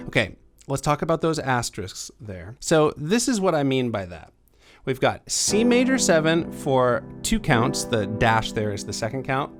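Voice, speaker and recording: A young adult man teaching a piano lesson, explaining chords in a relaxed way and counting beats aloud. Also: mid-range voice, normal speed. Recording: piano playing under the voice. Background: piano playing.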